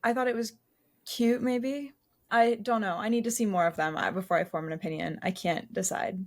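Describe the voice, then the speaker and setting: A woman's voice: mid-range voice, fairly even intonation, brisk. A woman co-hosting a casual podcast, hesitant and self-deprecating, often repeating words while she gathers her thoughts. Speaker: podcast co-host.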